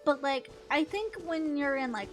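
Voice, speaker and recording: High-voiced young woman, giggly rambling chat. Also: lively intonation, normal speed. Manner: rambling, giggly, swears casually. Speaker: gaming streamer. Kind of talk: casual chat while gaming. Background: faint game music.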